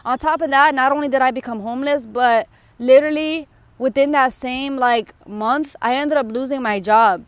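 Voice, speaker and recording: A woman's voice: sits high, moderate pace, clean tone, no room sound. A young woman vlogger telling a personal story in a candid, emotional way, full of fillers like "like" and "you know", tearful at times.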